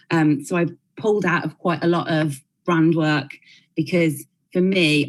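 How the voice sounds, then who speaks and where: Low-voiced Brummie woman, chatty. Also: darkish tone, low-quality recording. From Birmingham, England. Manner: chatty, many likes and restarts. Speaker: blogger and panel speaker. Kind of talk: prepared panel talk.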